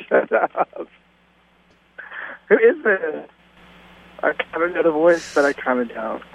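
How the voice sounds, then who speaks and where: A man's voice: a little high, lively intonation, slow, gravelly, rough recording. A man taking a call on speakerphone while driving, flustered and laughing. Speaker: prank call target. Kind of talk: phone call. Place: in a car, driving. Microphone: phone on speakerphone.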